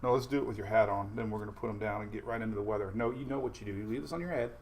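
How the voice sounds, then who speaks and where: A man's voice: on the low side, racing, slight background noise. A man hosting a casual weather livestream from home, chatty and laughing often while his dogs run around.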